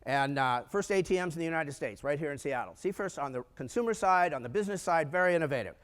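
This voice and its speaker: A man gives a storytelling keynote at a conference, putting on voices for the people in his anecdotes. His voice sits a little higher than most men's, and a long reverb from the hall trails each phrase. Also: quick pace, clean tone. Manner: animated storyteller who acts out quoted dialogue. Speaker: conference speaker.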